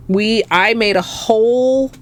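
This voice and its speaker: Soft-spoken Minnesotan woman streamer. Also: a little high, slight background noise. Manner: soft-spoken and rambling, talking to chat. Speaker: nail art streamer. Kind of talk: casual livestream chat.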